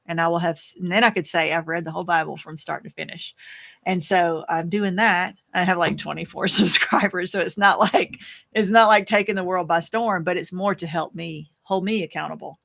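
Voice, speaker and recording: A woman hosting a casual live chat, reading viewer comments aloud and answering them in a rambling, fast-talking way with frequent laughs. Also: on the low side, gravelly, a bit bright. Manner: chatty and rambling, laughs often, many restarts; talks fast by habit. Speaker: host.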